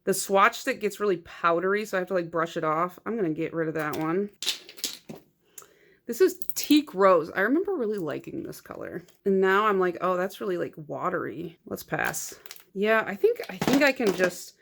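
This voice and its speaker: A woman's voice: mid-range voice, lively intonation, normal speed. Chatty casual woman vlogger. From United States. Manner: chatty, rambling, filler-heavy. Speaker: nail polish vlogger. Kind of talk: casual vlog chat.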